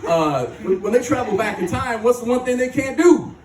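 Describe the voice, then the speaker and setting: On a live rally stage, a Michigan man with a very high voice and lively intonation shares his recovery testimony at a moderate pace, joking, rambling and laughing a lot. Crowd noise and a distant mic leave the audio echoey and off-mic.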